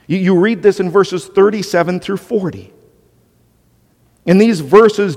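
A man's voice: high-pitched, darkish tone, big-room sound. A man preaching a sermon as pastor, emphatic and conversational, with asides to the congregation.

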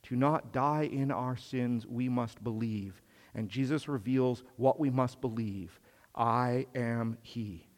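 A man preaching a sermon in a slow, measured way, swelling on emphatic phrases. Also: mid-range voice, a little mellow, in a large hall.

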